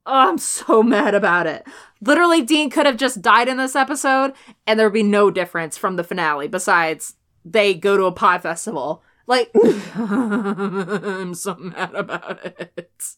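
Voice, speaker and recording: A woman's voice: mid-range voice, a little slow, fairly bright tone. A woman co-hosting a casual podcast, talking animatedly about a TV show, swearing often and laughing a lot.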